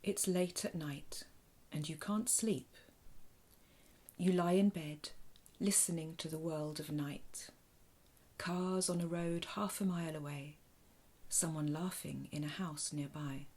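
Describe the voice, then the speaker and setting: A woman telling a calm guided-imagination story to children in a soft, hushed, often half-whispered voice. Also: deep voice, slow pace, slightly rough.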